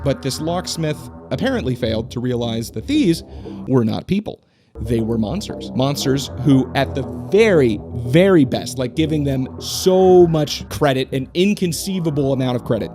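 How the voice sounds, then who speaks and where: A man's voice: medium pitch, very animated, normal speed, a little mellow, faint music behind. A man narrating a true crime story casually, with indignant, profane, sarcastic asides.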